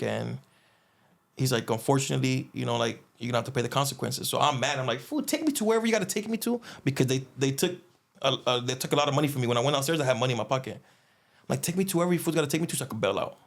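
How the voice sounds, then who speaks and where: A young man telling a long story in casual chat, rambling and filling gaps with "boom" and "you know what I'm saying". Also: creaky. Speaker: guest.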